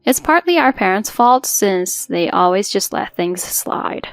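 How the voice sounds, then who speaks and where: A woman's voice: mid-range voice, lively intonation, measured pace, no echo, faint music behind. A woman in her twenties narrating a scripted first-person story in an earnest, hurt way. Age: 20s.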